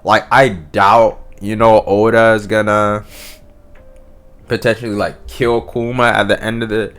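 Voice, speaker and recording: A man's voice: lowish voice, level tone, a little slow, fairly bright tone, smooth. A young man giving a casual reaction commentary, full of profane slang, fillers and restarts. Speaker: manga reaction vlogger.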